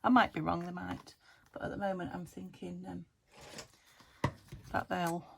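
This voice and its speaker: A British woman chatting casually as she crafts at home, rambling, thinking aloud and dropping into soft muttered asides. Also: on the low side, measured pace, gravelly, breathy edge. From United Kingdom. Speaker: craft vlogger. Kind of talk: casual chat while crafting. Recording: steady background noise.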